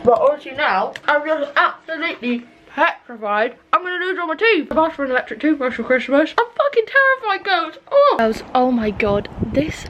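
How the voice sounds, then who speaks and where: A young British woman with a high voice chats rambling and self-deprecating to her phone camera. She swears freely while sitting in her car. Road noise hums clearly underneath. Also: rough recording. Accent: British English. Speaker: vlogger. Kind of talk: casual chat to camera.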